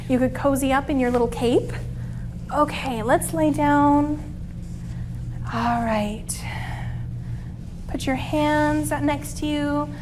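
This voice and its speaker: A young woman leading preschoolers through yoga and calming exercises, speaking in a gentle, encouraging way. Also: high voice, noisy background. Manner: slow, soothing, encouraging. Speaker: children's librarian leading yoga.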